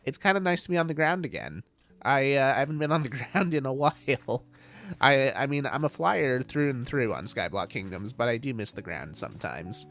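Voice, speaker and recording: A man's voice: mid-range voice, expressive, normal speed, fairly bright tone. A man streaming a game live, chatting casually and greeting viewers, with many fillers. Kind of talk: casual livestream chat.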